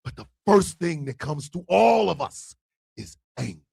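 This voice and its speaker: A man with a high, gravelly voice that leaps up and down in pitch, speaking from a dry, close setup. He hosts a livestream and preaches with fiery emphasis. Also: big pitch swings, moderate pace, a little mellow, no echo. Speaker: internet radio co-owner and host. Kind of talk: impassioned livestream monologue.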